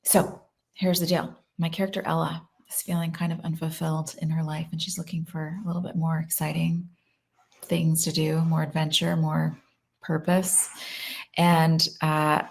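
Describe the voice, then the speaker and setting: Sex: woman. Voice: low with gravelly fry. Style: chatty live Q&A. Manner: chatty and animated, with fillers and asides. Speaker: actress promoting her film. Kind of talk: casual live Q&A.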